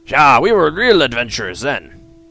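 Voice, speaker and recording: A man's voice: mid-range voice, sing-song, normal speed, vocal fry, pushed and bright, full character voice. A man doing a chatty old guildmaster. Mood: friendly. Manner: chatty, reminiscing, friendly. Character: genial old male guildmaster, retired adventurer.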